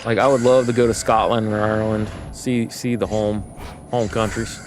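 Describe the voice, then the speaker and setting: A man's voice: on the low side, level tone, moderate pace, faint music behind. Rambling American man chatting mid-stream. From United States. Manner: rambling, filler-heavy, easygoing. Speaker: gaming streamer. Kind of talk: casual rambling chat while playing.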